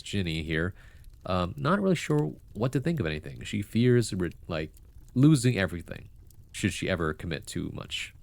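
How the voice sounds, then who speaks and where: Male streamer, deep voice, congested, lively, rambling casual delivery, dry close mic. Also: no room sound. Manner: chatty, rambling, with many fillers and self-corrections. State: congested nose. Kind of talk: casual livestream commentary.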